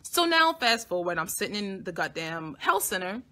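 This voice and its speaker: A young woman vlogger telling a personal story to her audience in a blunt, profane, animated way. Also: mid-range voice, moderate pace. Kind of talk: casual storytelling to camera.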